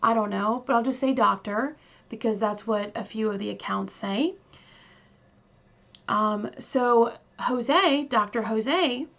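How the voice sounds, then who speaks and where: A woman with a slightly raised voice tells a true crime story at an unhurried, drawn-out pace. She chats with her listeners as she goes and fills the story with asides and fillers. The recording sounds a little dull and lo-fi. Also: on the high side, a bit bright. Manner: chatty, many fillers, talks to listeners directly. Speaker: true crime podcast host. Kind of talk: casual storytelling.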